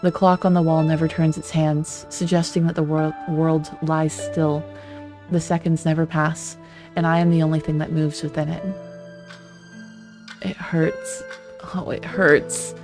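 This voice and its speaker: A let's play streamer reading a visual novel aloud in an even, flat delivery, with short asides of their own. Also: mid-range voice, moderate pace, soft background music.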